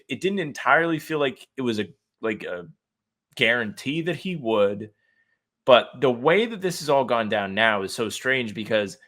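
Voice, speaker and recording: A man's voice: mid-range voice, sharp tone. Young man ranting casually on a podcast. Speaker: podcast co-host.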